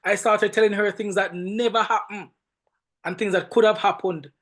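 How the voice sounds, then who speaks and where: A man with a Jamaican accent, a film director and podcast guest, telling stories in an animated, emphatic way and often repeating words. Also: high-pitched, normal speed. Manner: animated, emphatic storytelling with frequent word repeats. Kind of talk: casual podcast interview.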